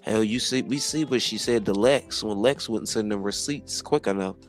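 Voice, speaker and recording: A man's voice: fairly low pitch, moderate pace, faint music behind. A man co-hosting a casual gossip livestream who gives laid-back, slangy commentary. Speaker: co-host.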